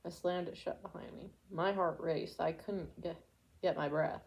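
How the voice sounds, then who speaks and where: Gravelly low-voiced woman reading aloud. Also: moderate pace, poor audio. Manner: steady reading with occasional stumbles and restarts. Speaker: audiobook reader. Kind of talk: amateur book reading aloud.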